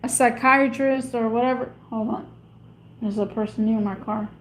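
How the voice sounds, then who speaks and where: Female vlogger, slightly high voice, meandering casual car talk. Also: steady tone, moderate pace, slight background noise. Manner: chatty, meandering, searches for words. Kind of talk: casual rambling monologue. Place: in or beside a parked car.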